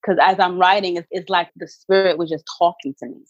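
Woman guest, middle-aged, emphatic and candid; low voice, muffled dry recording. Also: fairly even intonation, fairly quick, no room sound. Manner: earnest, emphatic, faith-filled storytelling. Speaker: guest, author and actress. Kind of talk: candid interview talk.

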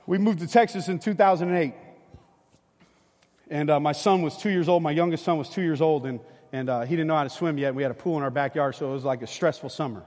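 A middle-aged man preaching a sermon, telling a family story in a lively, conversational way. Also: on the high side, fast. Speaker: pastor. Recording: long hall reverb.

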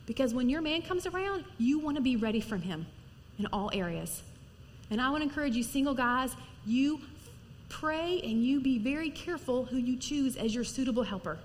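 A woman's voice: high-pitched, expressive, moderate pace. Earnest preaching woman in a reverberant church. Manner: earnest, conversational preaching with sudden soft drops. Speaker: pastor's wife preaching. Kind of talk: sermon. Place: large church hall. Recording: long hall reverb, faint noise.

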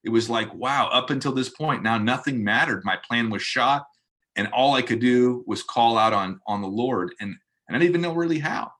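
A man in his forties, a podcast guest, telling his personal faith testimony in a reflective, storytelling way with frequent pauses and fillers. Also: medium pitch, a bit bright.

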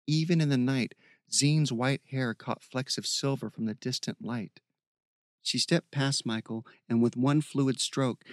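Brief: male audiobook narrator, steady even reading, medium pitch, dead-dry booth sound. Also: no echo.

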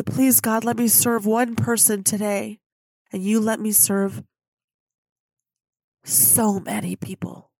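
A woman delivering an inspirational spiritual monologue on her podcast, emotional and affectionate, laughing often. Her voice sits at an ordinary middle pitch. The sound is close and dry, with no room echo. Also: darkish tone. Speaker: podcast host.

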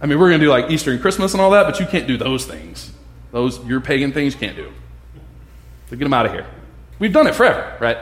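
In an echoey room, a pastor with a mid-range voice preaches quickly in an informal, conversational way, animatedly voicing the people who appear in his story.

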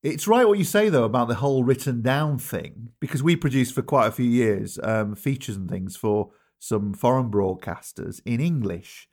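A man interviewing a guest, speaking in a measured conversational way. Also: mid-range voice, lively intonation, a little mellow.

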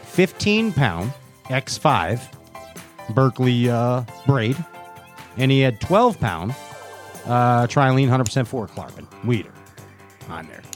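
A man's voice: medium pitch, very animated, slow pace, pauses often, soft background music. A man hosting a casual show, joking around, riffing and scatting between giveaways. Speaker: show host. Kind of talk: casual livestream show banter.

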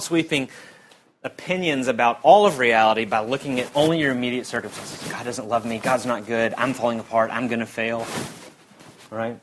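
A young man delivers a sermon in an easy, conversational way. His voice rises to loud emphasis, then drops low and quiet. A faint hiss of noise sits under the recording. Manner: conversational preaching, lively swings from loud to quiet. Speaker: pastor.

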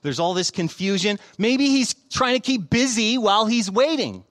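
A man's voice: sits high, expressive, moderate pace, fairly bright tone. A man in his thirties preaching a sermon, reading scripture and telling stories in a conversational way, often asking questions. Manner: conversational, storytelling with rhetorical questions. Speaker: pastor.

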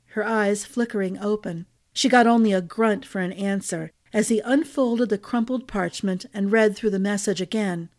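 A woman narrating a fantasy novel for a storytelling podcast in a measured, dramatic reading style. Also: medium pitch, darkish tone.

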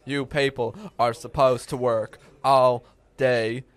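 A man playing a grumpy, greedy old diner manager with a gruff, dismissive manner in an amateur comedy sketch. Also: mid-range voice, flat delivery, no echo, lightly acted. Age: older. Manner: gruff, dismissive and slow-spoken.

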